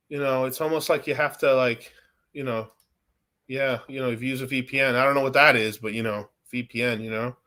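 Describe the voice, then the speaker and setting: A man's voice: mid-range voice, a bit bright. A man streaming about crypto, talking to his chat in a profane, exasperated, rambling rant.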